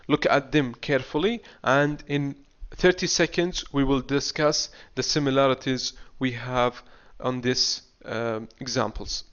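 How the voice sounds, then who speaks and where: A man teaching an English class, drilling words slowly and often asking "what?" before answering his own question. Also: mid-range voice, fairly even intonation, a bit bright. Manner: slow, deliberate drilling, asks himself "what?" and answers. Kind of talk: classroom lecture. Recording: dull lo-fi recording.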